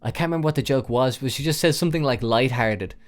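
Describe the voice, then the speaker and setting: A man's voice: medium pitch, quick pace. A young man hosting a podcast, telling a long personal story in a rambling way, with frequent fillers and swearing. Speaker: podcast host. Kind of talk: storytelling monologue.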